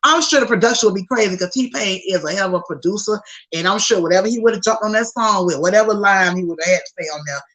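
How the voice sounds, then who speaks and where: A woman hosting a podcast, chatting casually about celebrity gossip with animated, slangy asides to her listeners. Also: mid-range voice, fast, low-quality recording. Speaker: podcast host.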